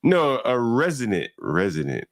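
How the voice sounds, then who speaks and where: A man's voice: medium pitch, huge pitch swings, measured pace, crowd noise. A man hosting a casual livestream panel, drawling his words at times. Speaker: livestream host.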